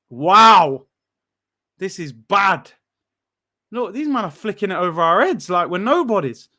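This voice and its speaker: A young man reacting live to a football match, his voice sitting high for a man. He grumbles with frustration, then bursts into shouts at near misses. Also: normal speed. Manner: frustrated, animated fan with sudden shouts. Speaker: football watchalong host.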